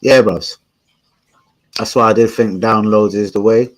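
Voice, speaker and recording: A man's voice: fairly low pitch, steady tone, a little slow, rough recording. A man, hosting a casual live stream and chatting with viewers in a laid-back, slangy way, swearing often. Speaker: streamer and channel host.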